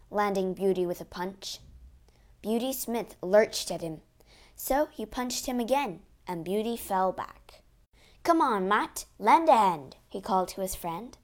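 A woman reading a children's adventure story aloud in a steady, expressive way. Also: medium pitch. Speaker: narrator.

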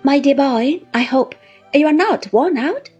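A woman voicing a kind, devoted young male friend who speaks in a warm, solicitous way. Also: high-pitched, expressive, a little slow, muffled recording, faint music behind, voice pushed up. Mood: concerned.

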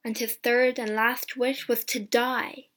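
A woman's voice: on the high side, flat delivery, slow pace, fairly bright tone. Woman reading as a grave old soldier. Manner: earnest, cautionary. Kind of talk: storybook reading.

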